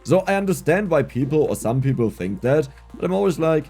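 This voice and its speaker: A man giving casual gameplay commentary, excitable and laughing often, with a strained, scratchy voice. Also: on the high side, a little fast, husky, soft background music. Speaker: gaming YouTuber.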